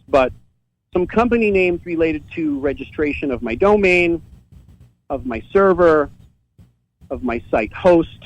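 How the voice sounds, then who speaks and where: A man's voice: fairly high pitch, no echo, rough recording. A man telling a story as a guest on a podcast, casual and profane, often stumbling and repeating words as he starts a sentence.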